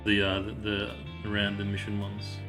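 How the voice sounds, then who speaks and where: Over music, a man with a lowish voice streams a story game, chatting casually with viewers and reading the game's dialogue aloud. His delivery is completely flat at a normal speed, and he rambles along in an easygoing way.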